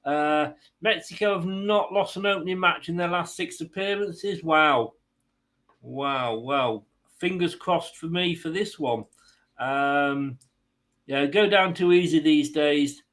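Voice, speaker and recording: A man's voice: fairly high pitch, slow, fairly bright tone. A man hosting a football watchalong stream, mixing live match commentary with rambling, self-mocking jokes.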